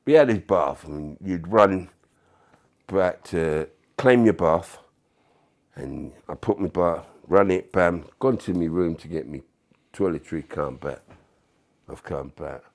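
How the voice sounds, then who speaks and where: An older man with a London accent spins a story in a very deep, gravelly voice. His pitch swings widely as he acts out the scenes, jumping from low mutters to loud bursts, with plenty of swearing along the way. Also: takes it slowly. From England. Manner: animated anecdotes with loud bursts, acted-out quotes and swearing. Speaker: podcast guest, former footballer. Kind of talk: casual storytelling.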